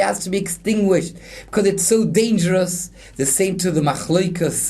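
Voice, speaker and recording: A man's voice: high voice, darkish tone. Male rabbi, earnest sermon delivery, storytelling, glosses each Hebrew term in plain speech. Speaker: rabbi giving a Torah class.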